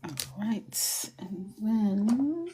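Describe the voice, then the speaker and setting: A woman hosting a coloring livestream, chatting and joking casually as she works, often dropping into a soft murmur. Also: medium pitch, animated, very slow, a little hiss or hum. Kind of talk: casual chat while coloring.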